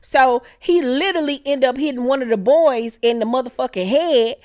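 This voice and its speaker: A woman's voice: high-pitched, moderate pace. A woman recapping a TV episode in a casual, profane, slangy way, acting out the characters as she retells the story. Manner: animated storyteller who acts out the characters' lines; heavy swearing, slangy. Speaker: TV show recap host.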